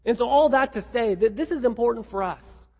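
A man's voice: very high voice, brisk, big-room sound. A man preaching a sermon as pastor, emphatic and repeating himself as he restarts phrases.

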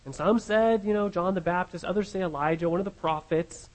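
Guy preaching a sermon, highish voice, earnest, keeps restarting phrases. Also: fairly quick, low-quality recording. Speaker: pastor.

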